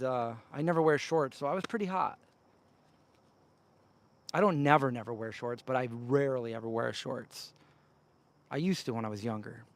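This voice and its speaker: A man's voice: mid-range voice, vocal fry. Chatty man by a campfire. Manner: loose and chatty, breaks off to call his dogs. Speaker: livestream host. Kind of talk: casual rambling livestream chat. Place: outdoors by a campfire. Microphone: handheld news-style mic held close.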